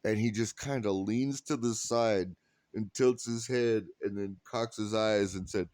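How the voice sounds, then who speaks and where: A man's voice: fairly low pitch, measured pace, darkish tone, no echo. A man in his thirties telling a funny story in a casual vlog, quoting people and laughing often. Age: 30s. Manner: rambling with restarts and "like". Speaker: vlogger.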